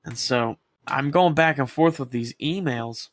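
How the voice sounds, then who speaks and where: In a casual podcast chat, a male co-host with a medium-pitched voice speaks a little slowly as he rambles through a story, swearing a lot and acting out quotes.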